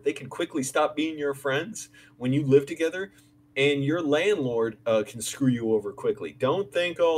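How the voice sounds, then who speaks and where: A man's voice: medium pitch, a little hiss or hum. A young man talking casually and candidly to viewers on a vlog, rambling with restarts as he rants about landlords and roommates. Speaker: vlogger, creative director of the channel. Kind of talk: casual live-stream chat.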